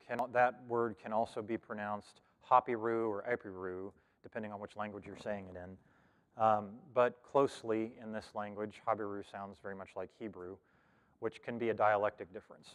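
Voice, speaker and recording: A Bible study teacher from the Cherokee Nation in Oklahoma leads a casual scripture lesson in a church, his fairly low male voice carrying through a large hall. He talks conversationally, thinking aloud with plenty of ums, fillers, and restarts.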